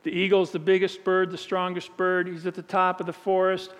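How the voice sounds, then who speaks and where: A man's voice: sits high, level tone, fairly quick, long reverb tail. A man preaching a sermon in a conversational way, with humorous asides.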